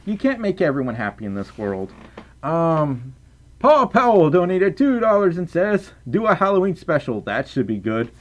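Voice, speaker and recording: A man's voice: a little high, big pitch swings, moderate pace. A young man chatting casually on a livestream, reading out chat and donations with playful stammers and restarts.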